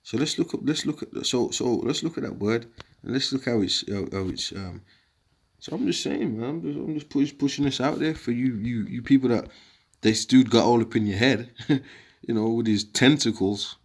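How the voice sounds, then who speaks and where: A man's voice: medium pitch, moderate pace. A man giving an informal scripture lesson, rambling and combative, dropping slang asides as he works through the words on his screen. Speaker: video teacher.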